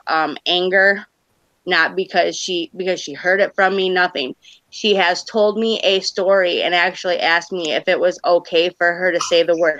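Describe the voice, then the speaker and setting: A woman in her thirties hosts a casual livestream chat, rambling from one story to the next. Her voice sits low for a woman yet sounds bright and forward. The audio is dry and dull, like a lo-fi stream feed. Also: no echo. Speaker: livestream host.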